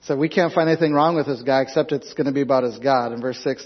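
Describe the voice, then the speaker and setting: A man's voice: medium pitch, quick pace, few pauses. A man preaching a sermon, reading scripture aloud and pressing the congregation with emphatic rhetorical questions. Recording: dull lo-fi sound.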